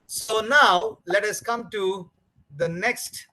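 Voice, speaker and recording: High-voiced man lecturing teachers. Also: slow pace, pushed and bright, rough recording. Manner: repetitive, emphatic, many fillers. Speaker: teacher trainer. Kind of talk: training lecture.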